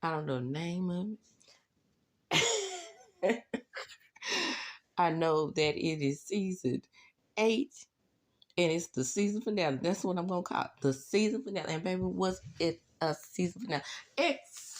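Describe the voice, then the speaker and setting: A woman hosting her own channel, recapping reality TV in a sassy, animated way. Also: fairly low pitch, a little slow, pauses often. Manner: sassy, animated, says "baby" a lot. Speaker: YouTube recap host.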